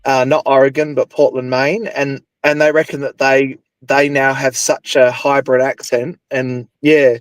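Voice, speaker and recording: A man's voice: medium pitch, little pitch movement, measured pace, hardly any pauses, dry recording. An Australian man chatting as a guest, laid-back and agreeable, often affirming what is said. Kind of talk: casual chat.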